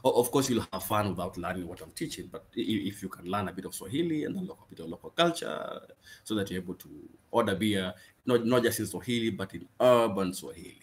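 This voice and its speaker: Low-voiced man drilling vocabulary. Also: animated, quick pace, a little hiss or hum. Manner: drills words by repeating them, says "okay" constantly; frequent restarts and stammers. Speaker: Swahili teacher. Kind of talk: informal language lesson.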